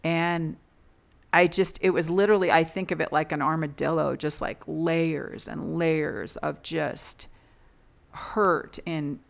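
A woman's voice: deep voice, fairly even intonation, takes it slowly, vocal fry. A woman as an interview guest, frankly and earnestly recounting her own past, often restarting her sentences. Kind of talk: candid personal storytelling.

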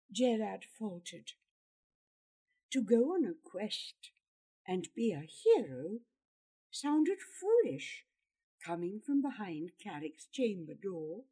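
Woman narrator, storybook reading, dark voice, lively pitch. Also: takes it slowly, pauses often, husky. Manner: expressive, dramatic reading. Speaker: storybook reader.

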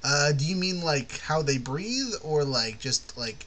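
A man's voice: fairly high pitch, animated, a little slow, fairly bright tone. A man hosting a casual podcast lesson on worldbuilding, rambling and often asking "you know what I mean". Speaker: podcast host teaching worldbuilding.

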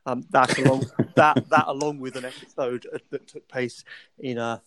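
A man's voice: mid-range voice, little pitch movement, moderate pace, a bit bright, no room sound. Rambling male host, dry sound. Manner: rambling, asks long questions. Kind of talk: moderating an expert discussion.

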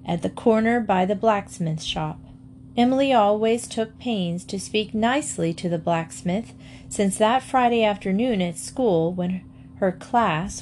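A woman's voice: mid-range voice, a little mellow, slight background noise. Woman reading a children's story aloud. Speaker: audiobook narrator. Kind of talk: scripted narration of a children's book.

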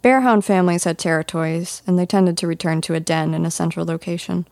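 Low-voiced woman narrating a fantasy audiobook. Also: steady tone, fast, creaky, a little mellow, dry recording.

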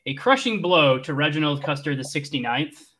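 An exasperated announcer narrator, as a man puts him on, ranting and swearing in a bright, forceful tone that sits a little high. He breaks off into grudging apologies between outbursts. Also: expressive, moderate pace.

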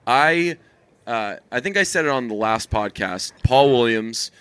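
A man's voice: mid-range voice, unhurried, smooth, no echo. Rambling, swearing young man podcaster. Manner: rambling, swears freely, deadpan teasing. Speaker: podcast co-host. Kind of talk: casual chat.

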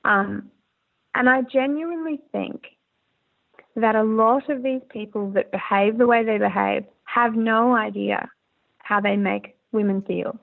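Woman, from Australia, interview guest, earnest, rambling, gravelly, phone-line sound. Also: a little high, a little slow. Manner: earnest, candid, rambling with restarts. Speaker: musician guest. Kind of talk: casual interview talk.

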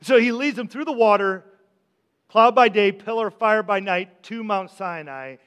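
A man preaching as pastor uses a high-pitched, clean, fairly bright voice at a moderate pace. Chatting conversationally with his congregation, he asks them questions and repeats himself often, and the sanctuary adds a long reverb.

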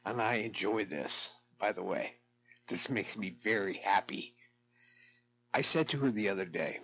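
Middle-aged guy rambling and cussing at the camera, gravelly husky voice, dull lo-fi sound. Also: lowish voice, animated, measured pace, bright, forceful tone. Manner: profane, rambling, darkly joking. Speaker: vlogger. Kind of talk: rambling casual monologue to camera.

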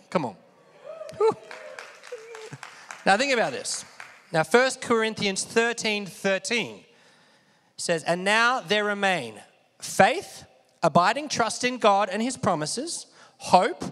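A pastor delivers an energetic sermon, urging the congregation to repeat his words back to him. His voice is high and slightly bright, carried by a long hall reverb.

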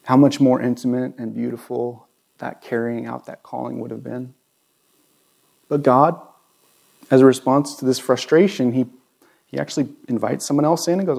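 A male pastor giving a sermon in a church, relaxed and conversational, drawing the congregation in with questions. His voice sits at a middle pitch with a noticeable gravelly rasp. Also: normal speed, pauses often. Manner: conversational, asks the audience questions.

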